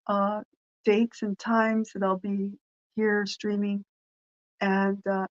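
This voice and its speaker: A woman's voice: medium pitch, darkish tone. Rambling, earnest woman pastor, dull sound. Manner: rambling and earnest, with many restarts and fillers. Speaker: pastor and podcast host. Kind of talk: informal devotional talk to a streaming audience.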